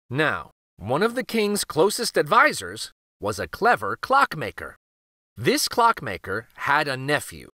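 A man hosting a children's read-aloud channel, reading a picture book in an expressive, lively storytelling way. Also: on the high side, no echo, clean studio sound.

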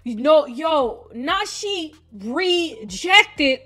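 A woman hosting a gaming video, chatting casually to viewers and reading game text aloud in an expressive way. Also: a little high, moderate pace, soft background music. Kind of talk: casual let's-play commentary to viewers.

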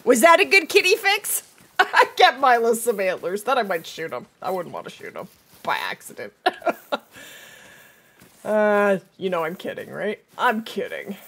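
A woman hosting a live gaming stream, chatty and excitable, laughing often as she reads out chat, while she is losing her voice. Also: medium pitch, unhurried, creaky. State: losing her voice, throat not clearing. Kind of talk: live gameplay commentary.

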